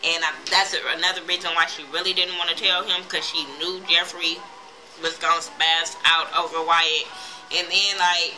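Casting: woman reviewer, blunt and profane, bright forceful voice, a little low, faint noise behind. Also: rough recording. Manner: blunt, profane, animated retelling with quoted voices. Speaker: TV episode reviewer. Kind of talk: casual recap vlog.

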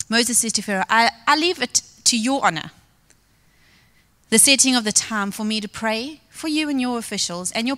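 Woman preacher, bright and higher voice, lively storytelling sermon in a reverberant church hall. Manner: storytelling, acts out quoted dialogue. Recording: long reverb of a large hall.

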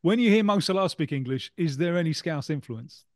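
A man co-hosting a football podcast tells anecdotes in a slightly high voice. The sound is dry and close, with no room around him. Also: expressive, a little fast, no room sound. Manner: anecdotal storyteller, fond of impressions. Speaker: co-host, football pundit. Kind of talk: casual podcast chat.

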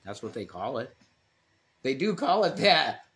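A man's voice: medium pitch, big pitch swings, unhurried, fairly bright tone. Rambling, foul-mouthed man on a livestream. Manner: rambling, swears freely, reads chat aloud. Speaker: livestream co-host. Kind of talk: casual livestream chat.

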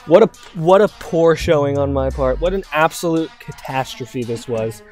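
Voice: medium pitch, animated, normal speed, faint music behind. Profane, self-mocking gameplay commentator. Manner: swings into loud panicked pleading. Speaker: gaming video creator.

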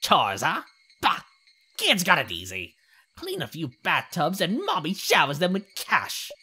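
A woman voicing a short-tempered old female shopkeeper in a story game, talking gruffly and scolding. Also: low-pitched, wildly swooping pitch, measured pace, bright, forceful tone, heavily acted. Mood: grumpy.

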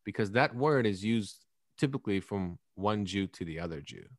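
Man, 30s, podcast host, rambling, profane, low voice, dry sound. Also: lively intonation, normal speed, dry recording. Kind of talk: casual podcast chat.

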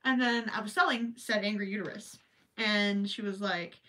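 Woman streamer, casual craft chat, bright voice, a little off-mic, swings from emphatic to hushed. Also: a little high, moderate pace, recorded from a distance. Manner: animated, emphatic, trails off to near-whispers. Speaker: crochet live streamer.

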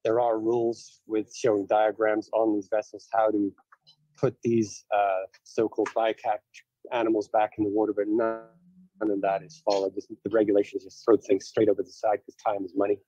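Flat, low-voiced man on a dull line. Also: no room sound. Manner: measured, detailed account. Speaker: crew member. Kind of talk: casual panel chat.

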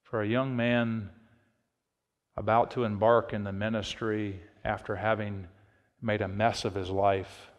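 Middle-aged preacher in a reverberant sanctuary. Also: male voice, fairly low pitch, little pitch movement, a little slow. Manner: storytelling, swells to emphatic shouted peaks. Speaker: pastor. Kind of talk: sermon. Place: church sanctuary.

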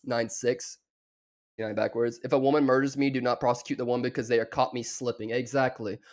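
A man's voice: mid-range voice, level tone, quick pace. A young man from the American South with a Southern accent, rambling crudely and mockingly while reacting to a show as a streamer. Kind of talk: profane reaction commentary.

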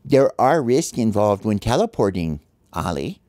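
Give me a man playing prim sparrow scientists, lecturing and precise, with a lively lilt. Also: fairly low pitch, measured pace, no echo. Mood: calm. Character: calm brainy sparrow scientists running a teleporter.

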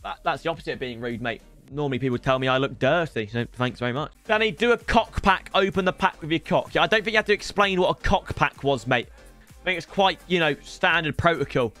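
A young man streaming for hours on a headset mic, tired, swearing and bantering with sudden shouts. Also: a little high, animated, fast talker, soft background music. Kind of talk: casual live-stream chat.

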